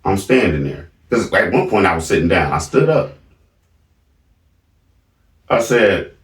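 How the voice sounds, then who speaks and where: A man's voice: low voice, sing-song, measured pace, long pauses, far from the mic. A middle-aged man casually telling a family story to his viewers, emphatic and often asking "right?". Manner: emphatic, keeps checking in with "right?". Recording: roomy, from off the mic.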